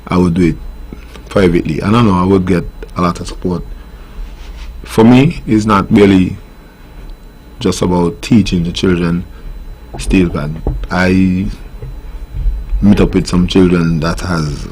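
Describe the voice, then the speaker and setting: Deep-voiced Nevisian man, steel pan tutor. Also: steady tone, unhurried, pauses often, darkish tone, breathy edge. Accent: Nevisian Caribbean English. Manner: earnest, firm when listing rules. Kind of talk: casual interview answers. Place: radio studio.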